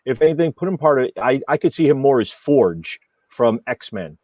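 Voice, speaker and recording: A man's voice: mid-range voice, animated, normal speed, a little mellow, dry recording, clean studio sound. A man giving blunt, emphatic opinions as a panelist in a casual podcast chat.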